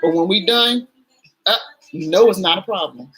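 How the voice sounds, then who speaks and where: A woman's voice: on the low side, normal speed, a bit bright, slightly rough, soft background music, poor audio. A woman in her forties, a vlogger chatting candidly and emotionally to her viewers while doing her makeup.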